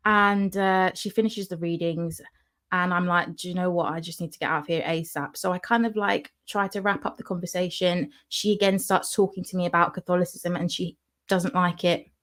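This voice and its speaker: With a fairly low-pitched voice, a young female vlogger relates a personal story in a casual, animated style, playing the parts of the people she quotes.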